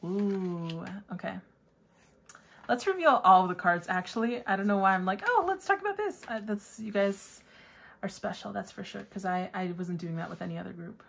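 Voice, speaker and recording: A woman giving a casual pick-a-card tarot reading to her viewers, chatty and full of fillers, now and then breaking into high excited squeals. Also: moderate pace, creaky. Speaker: tarot reader.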